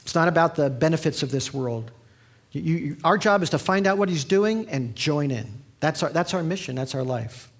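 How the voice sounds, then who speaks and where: A man preaches a sermon in a conversational, teaching way. His voice sits slightly high with a gravelly rasp, and he drifts into asides and restarts as he explains. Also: lively intonation, normal speed. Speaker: pastor.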